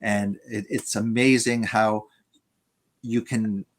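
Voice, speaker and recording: Halting man debating theology. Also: fairly low pitch, fairly even intonation. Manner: halting, many fillers and restarts. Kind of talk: conversational debate.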